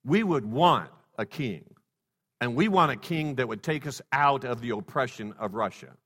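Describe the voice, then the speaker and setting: A man preaching a sermon, swinging from loud exclamations to hushed low passages and leading the congregation in call-and-response. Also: animated, normal speed. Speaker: pastor. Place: church sanctuary. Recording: long hall reverb.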